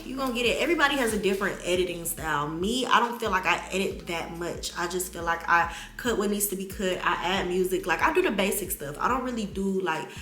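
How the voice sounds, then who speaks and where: Young mom vlogger, casual chat, bright forceful voice, echoey room. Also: female voice, mid-range voice. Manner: animated, slangy, talks straight to viewers. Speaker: vlogger, mother.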